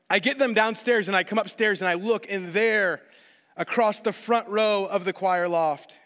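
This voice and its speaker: A man preaching a sermon, telling a story with lively acted-out quotes. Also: high voice, in a large hall. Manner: animated storytelling, acting out quotes. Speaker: pastor.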